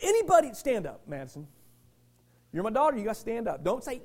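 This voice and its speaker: Brief: middle-aged male pastor, high lively voice, fiery sermon with chatty asides. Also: fast talker. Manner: animated preaching, swings from shouting to quiet asides with the congregation.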